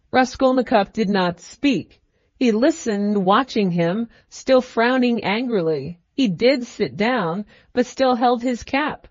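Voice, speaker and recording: A woman narrating an audiobook in an even, measured reading. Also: mid-range voice, no echo, highs cut off. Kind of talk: scripted narration.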